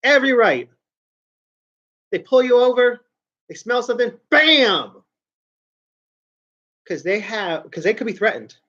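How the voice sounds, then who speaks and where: A man's voice: very high voice, lively intonation, unhurried, pauses often, bright, forceful tone, dull audio. A man hosting a show, giving a brash, blunt ranting commentary full of swearing. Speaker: show host.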